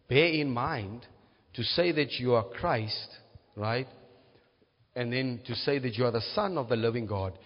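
Guy preaching slow, husky, keeps asking right?, dull echoey hall sound. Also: mid-range voice, animated. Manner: teaching, asks "right?" to check understanding. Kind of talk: sermon. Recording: muffled, reverberant hall.

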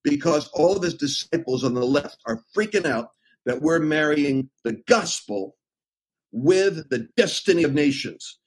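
A middle-aged male preacher with a husky, fairly high voice. He rambles and drives his points hard, breaking into sudden loud outbursts. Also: expressive, unhurried, rough recording. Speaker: preacher and host. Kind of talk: impassioned preaching talk.

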